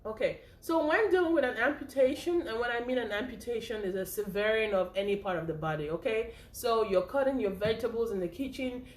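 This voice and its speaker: A woman's voice: fairly high pitch, brisk, hardly any pauses. A woman giving an informal first aid lesson, chatty and a little out of breath, checking in often with "okay?" and "right?". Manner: chatty, repeats points with frequent "okay?" and "right?". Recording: echoey room.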